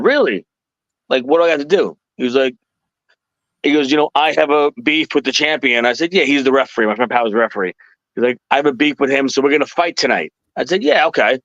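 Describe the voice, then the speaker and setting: A man's voice: mid-range voice, no room sound. Man telling stories over muffled stream audio. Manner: animated, acts out quotes in a raised voice. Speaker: podcast guest telling stories. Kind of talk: casual storytelling chat. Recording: dull dry lo-fi stream audio.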